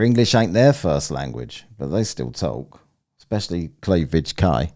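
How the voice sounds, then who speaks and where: A man's voice: low voice, very animated, a little slow. A man doing casual, profane, mocking live-stream commentary while reacting to a debate. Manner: mocking, profane, shouts at chat.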